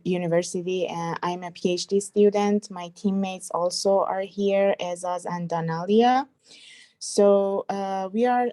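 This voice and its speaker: Slow-talking woman PhD student, dark voice. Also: mid-range voice. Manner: hesitant, many uh fillers. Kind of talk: team introduction. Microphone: video call.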